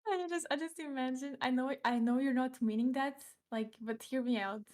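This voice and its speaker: A woman's voice: high voice, moderate pace, a little mellow. A woman co-hosting a casual stream, joking around playfully with her partner. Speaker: streamer co-host. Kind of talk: casual chat.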